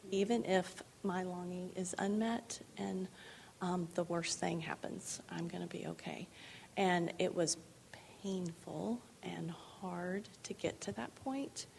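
A middle-aged woman tells her faith story in an earnest, conversational way. Her voice has a gravelly fry at the low end, and she often breaks into laughter. At times she drops into a hushed, almost whispered tone. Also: fairly even intonation, slow pace, a little hiss or hum. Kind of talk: candid conversational testimony.

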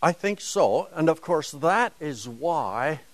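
Animated, slow-spoken male Bible teacher. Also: fairly high pitch, background noise. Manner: emphatic, dramatic rhetorical questions. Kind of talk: classroom Bible lecture.

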